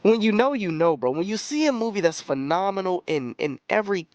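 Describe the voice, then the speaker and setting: A man's voice: sits high, animated, a little fast, a little mellow, no echo. A young man hosting a podcast, giving a casual, emphatic movie review and repeating phrases for stress. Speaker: podcast host.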